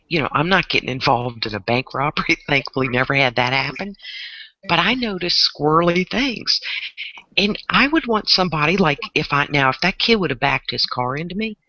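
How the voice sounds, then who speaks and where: Woman in her late fifties from New Orleans, animated storyteller, bright lively voice, swooping pitch, dry muffled online call sound. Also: moderate pace, dry recording. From New Orleans, Louisiana. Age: 50s. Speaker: panel guest. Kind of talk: casual storytelling.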